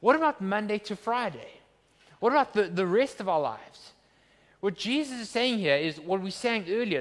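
Male pastor, higher register, preaching earnestly in a reverberant church hall. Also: very animated, normal speed. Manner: earnest, emphatic preaching with rhetorical questions. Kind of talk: sermon.

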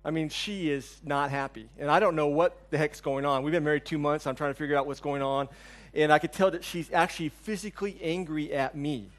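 A man's voice: a little high, steady tone, brisk. A man in his forties preaching a sermon, telling a funny story with asides to the congregation. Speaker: pastor.

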